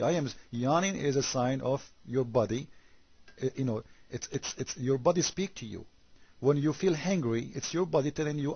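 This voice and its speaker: Husky-voiced sarcastic man, native Arabic speaker. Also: mid-range voice, no echo, highs cut off. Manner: sarcastic, full of rhetorical questions. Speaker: religious debater. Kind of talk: critical commentary on scripture.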